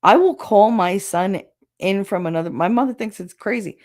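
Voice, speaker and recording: A woman host chatting casually and bluntly with viewers, swearing freely, her throat raw and hoarse. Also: medium pitch, normal speed, darkish tone. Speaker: show host reading viewer comments. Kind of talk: casual solo livestream chat.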